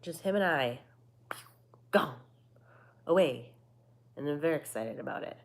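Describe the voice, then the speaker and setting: A woman in her thirties with a nasal voice that is going hoarse, chatting casually with viewers and swearing freely between fillers. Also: deep voice, lively intonation, normal speed. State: losing her voice. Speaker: vlogger. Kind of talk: casual chat to a live audience.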